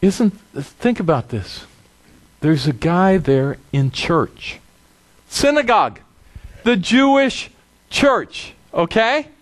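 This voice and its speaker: A male pastor preaching a sermon with emphatic, dramatic delivery. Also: takes it slowly. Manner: animated, emphatic, dramatic drops to a low voice.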